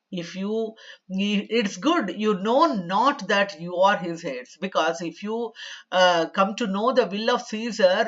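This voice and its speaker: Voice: mid-range voice, a bit bright, dull audio. A teacher, reading lines from a play aloud and paraphrasing them in simple words. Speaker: English teacher. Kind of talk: explaining a play line by line.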